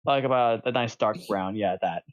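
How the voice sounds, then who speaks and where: A man chatting casually at a game table, tripping over and repeating his words. His voice is smooth and clear, but the recording sounds somewhat dull. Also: fairly low pitch, moderate pace. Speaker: player.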